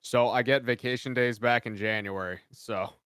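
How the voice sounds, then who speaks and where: A man's voice: medium pitch, steady tone, moderate pace, a bit bright, clear, resonant tone, no echo. Male podcast guest, blunt and crude, dry close mic. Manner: blunt, swearing, chuckling. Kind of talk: casual podcast chat.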